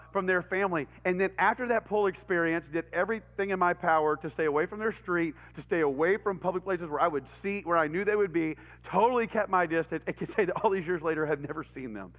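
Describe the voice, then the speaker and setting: A middle-aged man with a Texan accent, a pastor telling a story in a sermon, animated, acting out voices and sound effects and laughing often. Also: high-pitched, a little fast. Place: church hall. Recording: reverberant church hall.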